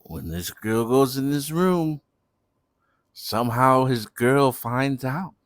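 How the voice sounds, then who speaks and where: A man's voice: mid-range voice, animated, takes it slowly, dry recording, clean studio sound. A young man telling a party story in a laid-back, slangy way. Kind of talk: casual storytime vlog.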